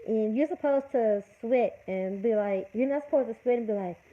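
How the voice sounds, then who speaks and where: A woman's voice: fairly high pitch, moderate pace. A woman hosting a livestream, scolding her chat in an emphatic, repetitive rant. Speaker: livestream host. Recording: tinny phone-like audio.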